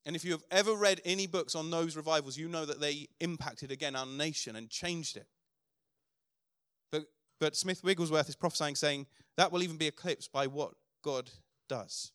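A man's voice: on the high side, moderate pace, a bit bright, clean tone, no room sound, studio quality. Man preaching earnestly. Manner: earnest preaching, builds to emphatic declarations. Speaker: pastor. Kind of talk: sermon.

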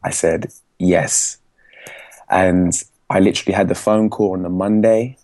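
A young English man with an English accent, a podcast guest telling his story in an animated way, laughing often and acting out what others said. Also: low-pitched, moderate pace. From England. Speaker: podcast guest, speaking coach. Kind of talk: casual storytelling.

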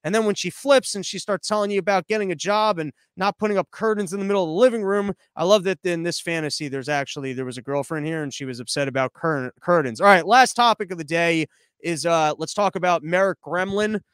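A man's voice: sits high, quick pace, a bit bright, clear, resonant tone, dry recording, studio quality. A man hosting a podcast as a live stream, rambling through viewer comments in a sarcastic, crude, offhand way. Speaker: podcast host.

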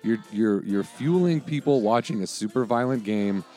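A man co-hosting a casual podcast with a fairly low voice. He mostly reacts in short bursts and throws in dry quips, with faint music behind him. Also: lively intonation, moderate pace, dark tone. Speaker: podcast co-host. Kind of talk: casual chat.

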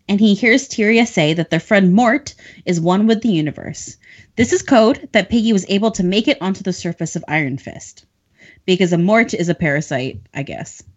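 A woman's voice: mid-range voice, highs cut off. A woman podcast host who recaps book chapters in a chatty way and laughs often between lines.

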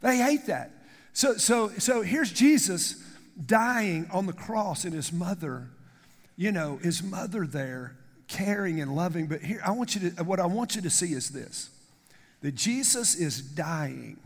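A male pastor, preaching a lively sermon and calling out to the congregation. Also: high-pitched, a little slow. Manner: animated preaching, calls to the congregation. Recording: long hall reverb.

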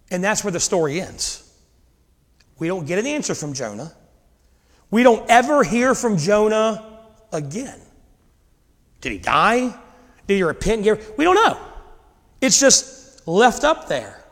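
A man preaching a sermon, reading scripture and paraphrasing it with lively voices. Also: high-pitched, measured pace, pauses often. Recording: long hall reverb.

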